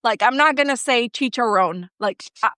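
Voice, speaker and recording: A middle-aged woman from Colombia with a Colombian Spanish accent, talking in a chatty, animated way with many fillers. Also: fairly high pitch, normal speed, no echo, studio quality. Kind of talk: casual conversation.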